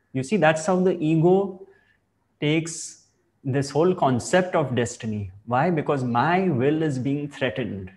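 A male spiritual teacher gives a reflective discourse in slow, deliberate phrases. His voice sits somewhat high for a man. He pauses often and builds each thought calmly.

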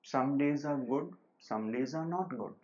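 A man giving a spiritual talk as a teacher, slow and measured with long pauses, on a slightly dull lo-fi recording. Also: mid-range voice, a little mellow, slight background noise.

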